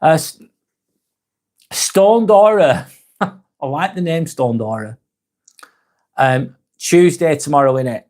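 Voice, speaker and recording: A man in his forties with a Northern English accent talks casually on a live stream, reading out viewer comments. His voice sits a little high for a man. He rambles, restarts his sentences and jokes along as he goes. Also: lively intonation, unhurried, pauses often, darkish tone. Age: 40s. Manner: rambling and joking, with frequent restarts and laughs.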